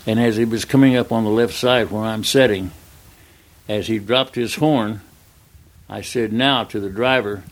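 An older man, a retired stuntman, telling a long anecdote in an interview, acting out the dialogue in plain, relaxed speech. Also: lowish voice, normal speed. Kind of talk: storytelling in an interview.

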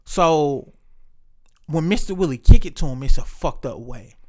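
A man's voice: a little high, expressive, moderate pace, dark tone. A man in casual chat, telling stories in a loose, profane way and acting out the voices of other people.

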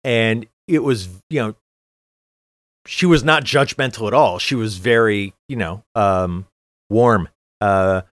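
A man's voice: on the low side, slow, no echo. A middle-aged man co-hosting a podcast, chatting casually and restarting his sentences often with many fillers. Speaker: podcast co-host. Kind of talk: casual chat.

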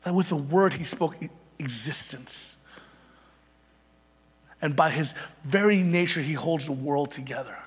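A pastor in his thirties preaching a sermon with passion, moving from loud emphatic peaks down to hushed, near-whispered lines. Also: fairly high pitch, measured pace, long pauses, breathy edge. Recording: long hall reverb.

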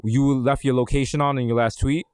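A man's voice: mid-range voice, steady tone, a little fast, darkish tone, smooth, no echo. A man co-hosting a casual comedic podcast, riffing and joking, recorded at a studio mic. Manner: joking, riffing, puts on voices for quotes. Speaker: podcast co-host. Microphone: studio microphone.

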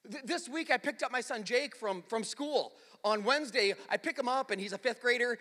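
A middle-aged man preaching in a big church, his high, bright voice trailing long reverb through the hall. He tells stories in a loose, conversational way, then builds up to strong, emphatic points. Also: brisk, hardly any pauses. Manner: conversational storytelling, swells to forceful emphasis. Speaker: pastor. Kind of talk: sermon. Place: large church.

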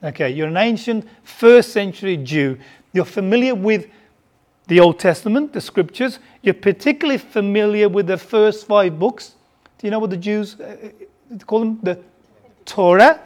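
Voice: mid-range voice, moderate pace, darkish tone. Birmingham-accented preacher questioning the congregation. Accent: softened Birmingham English. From Birmingham, England. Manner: asks the congregation questions, repeats words while thinking. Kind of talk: sermon.

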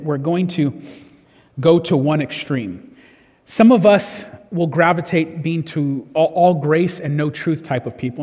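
A man's voice: fairly high pitch, a little mellow, husky, in a large hall. A man preaching a sermon in a conversational way, often restarting his words. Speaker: pastor. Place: church service.

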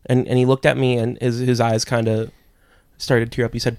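A man co-hosting a podcast, rambling through absurd comedic bits with animated voices. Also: medium pitch, fairly quick, smooth, no echo. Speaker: podcast co-host. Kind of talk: comedic riffing chat.

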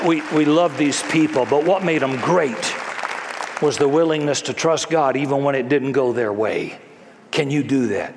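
A man's voice: on the high side, moderate pace, some chatter behind. A man preaching a sermon, dramatically acting out the voices of the people he quotes. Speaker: pastor. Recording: echoey hall with long reverb.

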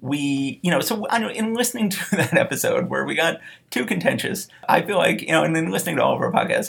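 Podcast co-host, American man, gravelly husky voice, lively pitch, casual self-deprecating chat. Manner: animated, self-deprecating, laughs often.

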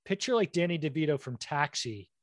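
A man's voice: a little high, lively intonation, brisk, no echo, clean studio sound. A man co-hosting a casual chat, animatedly telling anecdotes with lots of "like" and "you know".

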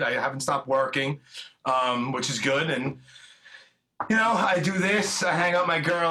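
A man's voice: a little high, sharp tone. A middle-aged man hosting a podcast, talking in a rambling, chummy, profane way. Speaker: podcast host. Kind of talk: casual interview chat.

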